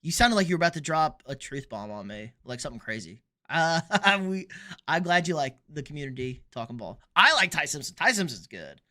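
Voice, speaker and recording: A man's voice: fairly high pitch, very animated, bright, forceful tone. A young man from Texas with a Texan accent, hosting a casual sports livestream and bluntly answering viewer comments with jokes. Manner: blunt, joking, opinionated, quick asides.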